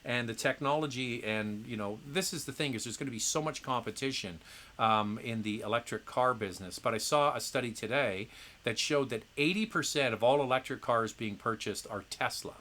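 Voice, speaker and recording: A man's voice: mid-range voice, fairly quick, pushed and bright. A middle-aged man hosting a live viewer Q&A, talking in a chatty, opinionated way with frequent fillers and restarts. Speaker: host answering viewer questions. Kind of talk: casual livestream Q&A.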